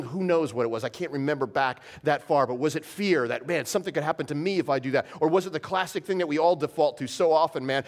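A middle-aged man preaching a sermon, telling stories with animated swings from loud bursts down to quiet, heavy lows. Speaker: pastor.

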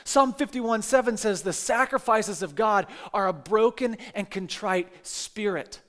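A man with a notably high voice preaches in a relaxed, conversational way. He retells scripture stories with lively, acted-out quotes and keeps stumbling into restarts and chatty asides. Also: measured pace. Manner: animated storytelling with acted-out quotes. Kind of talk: casual sermon.

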